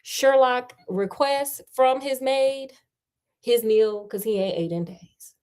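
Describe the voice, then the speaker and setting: A woman's voice: fairly high pitch, slow, darkish tone. A woman casually retelling a detective story in a chatty, slangy, playful way.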